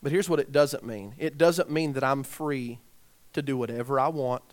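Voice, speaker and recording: A man preaching a sermon, dropping to quiet, grave emphasis and rising to loud shouts as he tells a story. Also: mid-range voice, moderate pace.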